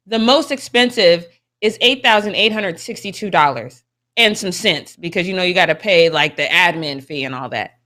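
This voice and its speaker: A young adult woman co-hosting a sports show in casual chat, expressive and emphatic, laughing often. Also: fairly high pitch.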